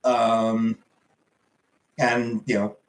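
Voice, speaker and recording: A man chatting casually as a streamer, answering viewer comments in a halting, rambling way with lots of fillers. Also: fairly low pitch, flat delivery, roomy sound, poor audio.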